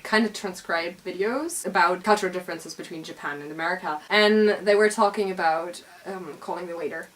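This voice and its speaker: A woman's voice: fairly low pitch, brisk, few pauses, recorded from a distance, rough recording. A young woman from Germany, a native German speaker, chatting casually in English as co-host, with a German accent that people have taken for Australian; she talks in hesitant bursts and laughs easily. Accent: German, with traces described as Australian-sounding. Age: young adult. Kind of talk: casual chat.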